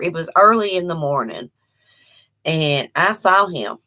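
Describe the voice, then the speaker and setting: A woman's voice: lowish voice, animated, normal speed, a bit bright. A woman from Eastern Kentucky with an Appalachian accent, hosting a casual home livestream, chatting folksily and reading out viewer comments. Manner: chatty and folksy, laughs often, talks to her dog. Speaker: livestream host.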